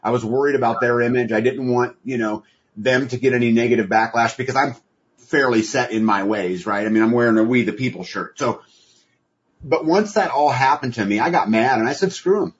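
A man's voice: medium pitch, brisk, breathy edge. A man talking as a guest in an interview, earnest and folksy with many fillers. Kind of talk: conversational interview. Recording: dull lo-fi audio.

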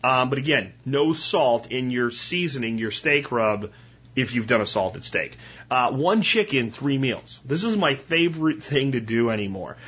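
Husky man giving casual cooking tips. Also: mid-range voice, lively intonation, unhurried, a bit bright, highs cut off. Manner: chatty, instructional, with frequent "right?" asides. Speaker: podcast host. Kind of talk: casual solo podcast talk.

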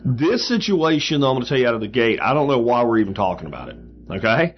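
A man's voice: medium pitch, big pitch swings, fast, dull audio, slight background noise. A man hosting a show, casually answering listener mail with frequent fillers and emphatic asides. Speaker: podcast host.

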